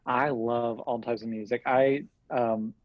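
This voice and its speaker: A young man from Kentucky chats with a bubbly, laughing ease, a Kentucky accent in his voice. The sound is dull and lo-fi, a video call with no room echo. His pitch sits mid-range for a man. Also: steady tone, unhurried. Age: young adult. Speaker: guest, TikTok creator. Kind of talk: casual chat over video call.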